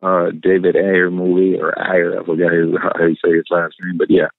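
A man telling stories as an actor guest in a casual interview, animated and profane, laughing often. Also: low-pitched, normal speed, vocal fry, no room sound, narrow, tinny audio.

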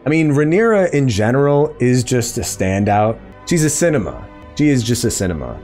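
A man's voice: mid-range voice, brisk, soft background music. Chatty man hosting a TV recap. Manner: chatty, excitable, acts out quoted lines. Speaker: podcast host. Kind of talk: casual TV episode breakdown.

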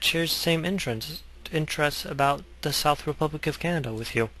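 A man's voice: fairly high pitch, a little fast, hardly any pauses, fairly bright tone. A young man rambling through gameplay commentary, goofy and sarcastic, wandering off on joking tangents. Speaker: gaming channel host.

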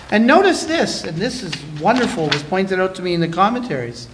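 Canadian male pastor, high-pitched, dynamic sermon delivery with scripture reading. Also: expressive, a little fast, hardly any pauses, a little hiss or hum. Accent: Canadian English. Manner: preaching with dynamic shifts between loud and soft, reading scripture aloud. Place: church sanctuary.

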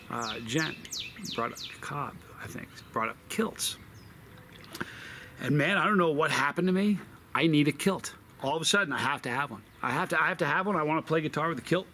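A man's voice: fairly high pitch, lively intonation, brisk, noisy background. A man reviewing hot sauce outdoors, talking in a rambling, chatty way with lots of fillers. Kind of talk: casual outdoor video review. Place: outdoors in a desert backyard with birds.

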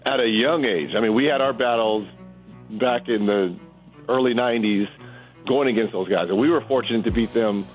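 A former professional basketball player gives a measured, analytical assessment in an interview. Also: male voice, mid-range voice, dull audio, faint music behind.

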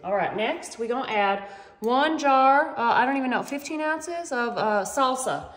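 Chatty high-voiced woman cooking. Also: lively intonation, moderate pace. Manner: chatty, playful, talks to viewers as y'all. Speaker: home cooking vlogger. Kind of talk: casual cooking demonstration. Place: home kitchen. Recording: echoey kitchen with faint noise.

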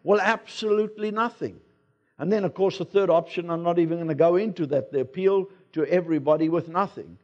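A man with a South African accent, preaching a sermon as pastor in a relaxed, conversational way, with personal anecdotes. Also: fairly high pitch, quick pace, hardly any pauses, dull audio. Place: church sanctuary.

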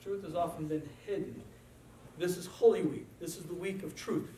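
A man's voice: high voice, fairly even intonation, normal speed, mellow, slight background noise. A male pastor preaching a sermon in a church sanctuary, talking in an earnest, conversational way. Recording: echoey church from far off.

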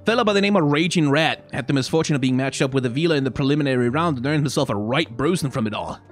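A man doing a brash gruff tournament boss. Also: mid-range voice, faint music behind, lightly acted. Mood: brusque. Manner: brusque, hurried.

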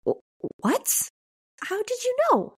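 A heartbroken teenage girl played by a woman storyteller stumbles over her words. Her voice rises higher than the narration, halting and unsure. It sounds like a storybook character read aloud. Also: wildly swooping pitch, dry recording, studio quality, exaggerated voice. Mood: startled, stammering. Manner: stammering, hesitant, high-pitched. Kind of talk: storybook reading.

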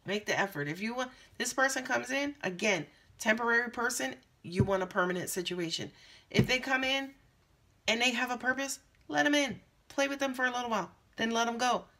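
A woman giving a live tarot reading in a blunt, profane, animated way, speaking. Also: medium pitch. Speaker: tarot reader.

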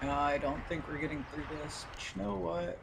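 Male gaming YouTuber, easygoing rambler, fairly high voice, loud truck engine under him. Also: fairly even intonation, normal speed, gravelly. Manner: rambling, easygoing, with filler and cursing. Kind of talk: casual gameplay commentary. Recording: loud game engine noise behind. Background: truck engine and game sounds.

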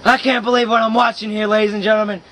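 Male wrestling commentator, hyped play-by-play, lots of shouted exclamations, high and sharp. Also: flat delivery, quick pace.

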